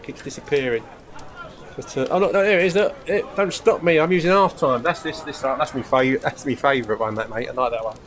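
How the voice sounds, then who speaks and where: Man, live stream host, casual chat, rambling, chummy, forgetful, mid-pitched voice. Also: fairly quick, fairly bright tone. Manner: rambling and chatty, calls viewers mate; forgetful, loses his thread.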